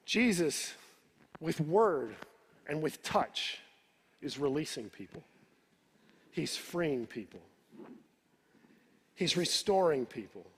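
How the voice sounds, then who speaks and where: Pastor guy preaching, fairly high voice, lots of echo, stumbles and repeats words when he gets going. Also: sing-song, slow pace, long pauses, husky. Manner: expository preaching, retelling scripture in his own words. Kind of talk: sermon. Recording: reverberant hall.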